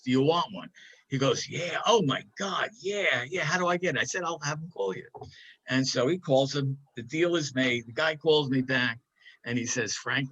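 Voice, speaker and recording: An older man telling a comic prank story on a talk show in a casual, animated way, acting out the other voices in it. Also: medium pitch, husky, low-quality recording.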